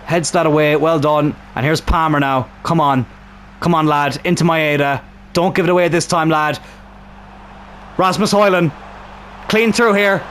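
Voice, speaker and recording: A young man commentating his own football video game match, excitable and swearing at the screen, with a strained throat. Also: a little high, normal speed, a little hiss or hum.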